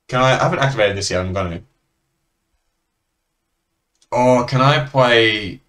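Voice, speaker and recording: A man's voice: medium pitch, expressive, fast, few pauses, fairly bright tone. An Australian man chatting casually and laughing between remarks as he comments on a card game he is playing.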